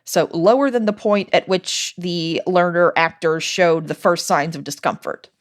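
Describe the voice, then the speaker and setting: A woman's voice: fairly low pitch, unhurried. A woman hosting a podcast, explaining things in casual chat and laughing often. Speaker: podcast host.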